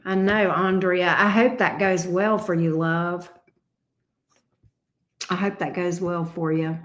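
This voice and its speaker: A woman's voice: on the low side, steady tone, slow pace, a bit bright, reverberant, a little hiss or hum. A woman giving tarot readings on a livestream, casual and affectionate, calling her viewers babe and sweetie and swearing lightly. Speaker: tarot reader.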